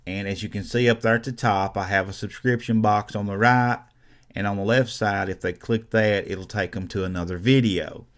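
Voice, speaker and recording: A man's voice: on the low side, steady tone, normal speed. A man talking casually through a screen-recorded tutorial on growing a video channel, loose and conversational, with frequent fillers and restarts. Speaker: YouTube marketing instructor.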